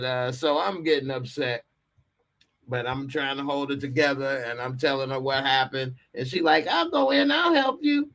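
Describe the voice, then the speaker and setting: A man's voice: on the high side, sharp tone. A man hosting a live call-in podcast, telling a comic story with frequent laughter and acted-out voices. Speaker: podcast host.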